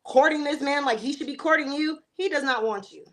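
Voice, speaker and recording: A woman's voice: sits high, fairly quick, a crowd in the background. A woman talking as a guest on a talk show, blunt and emphatic, often acting out what others say. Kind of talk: casual talk-show chat.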